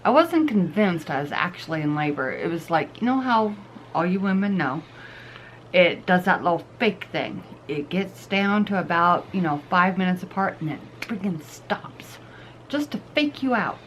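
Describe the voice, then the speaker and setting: A woman's voice: on the low side, animated, a little hiss or hum, poor audio. A middle-aged woman co-hosting a family vlog, adding her side of the story in a casual chat. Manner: chimes in with quick additions. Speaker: vlog co-host.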